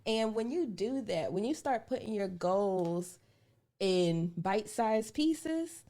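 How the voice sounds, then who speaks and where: A woman's voice: medium pitch, lively intonation, slow pace, warm tone. Earnest, chatty woman hosting a money show. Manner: emphatic, earnest, repeats points for emphasis; chatty, addresses viewers directly as "y'all". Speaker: personal finance show host. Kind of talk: casual live-stream talk.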